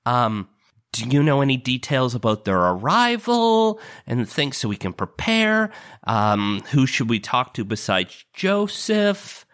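A man's voice: medium pitch, sing-song, measured pace, a bit bright, clear, resonant tone. A man voicing an eager young nobleman in a put-on accent, chatting about planning a surprise.

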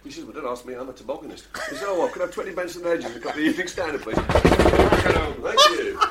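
A man's voice: fairly high pitch, lively intonation, fast talker, very noisy. A man co-hosting a podcast, joking around and laughing at his own gags. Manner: jokey, laughs a lot, trails off quietly. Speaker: podcast co-host. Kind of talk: casual chat, telling jokes.

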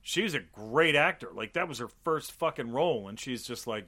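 A man's voice: mid-range voice, moderate pace. A man co-hosting a podcast, riffing on a movie in casual profane chat and acting out mocking quotes. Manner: animated, swears a lot, acts out mocking quotes. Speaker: podcast co-host.

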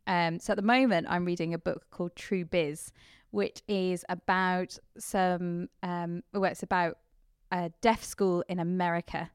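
A woman's voice: on the low side, fairly even intonation, a little slow, clear, resonant tone, no room sound, clean studio sound. A woman vicar with a mixed English accent, with traces of Kent and Yorkshire, chatting as a podcast guest and laughing often. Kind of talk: casual interview chat.

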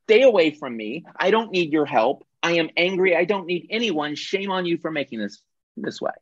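A man's voice: a little high, expressive, moderate pace, no echo, pitched above the performer's own voice. A man voicing a resentful adult in the persecutor role, accusing and indignant, over dull, dry call audio.

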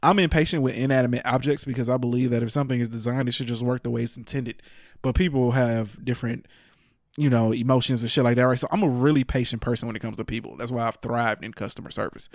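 A man's voice: medium pitch, fast talker, no echo, clean studio sound. A man telling a story in casual chat, cursing freely, laughing often and acting out what other people said. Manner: profane, animated, acts out quoted people.

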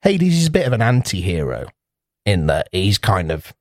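A man co-hosting a casual podcast, rambling through a playful movie pitch and slipping into quick character voices. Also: huge pitch swings, no room sound, clean studio sound. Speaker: podcast co-host. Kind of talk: casual chat.

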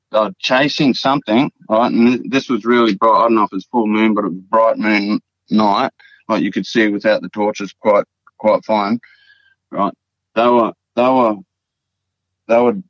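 A low-pitched Australian man from the Northern Territory tells his story in a casual, rambling way, circling back on his words and swearing freely. The audio is dry and a little muffled, like a lo-fi podcast recording. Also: dry recording. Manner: rambling, profane, repeats words and fillers. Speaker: guest.

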